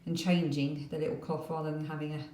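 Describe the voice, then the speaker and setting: Rambling, chatty British woman with a lower voice, vlogging to camera at home. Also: flat delivery, fast, mellow. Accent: British English. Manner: chatty, rambling, laughs often. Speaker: craft vlogger. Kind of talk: casual chat to camera. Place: home, bedroom and bathroom.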